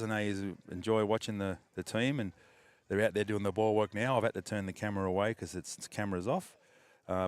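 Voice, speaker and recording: A middle-aged Australian man hosts a casual live stream outdoors, chatting and reading out viewer comments as he goes. His voice sits fairly low, and his talk is loose and rambling, with plenty of restarts. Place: outdoors at a training ground.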